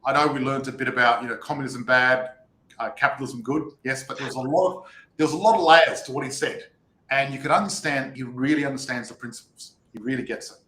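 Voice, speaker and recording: A man's voice: medium pitch, quick pace, pushed and bright. A man hosting a live stream, talking upbeat and directly to his viewers. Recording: echoey live stream audio.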